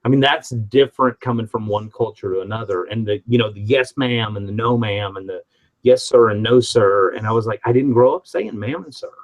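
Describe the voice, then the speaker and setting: A Midwestern American man with a lowish voice hosts a casual live-stream chat at a brisk clip, rambling through stories with frequent restarts and reading out viewer comments. The recording quality is low.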